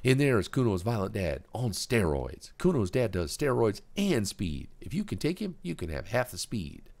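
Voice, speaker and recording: A man's voice: lowish voice, big pitch swings, normal speed, a little mellow, pitched above the performer's own voice. A man voicing a foul-mouthed, volatile teenage boy drug dealer who talks about himself in the third person, with a strained, worn voice. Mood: boastful.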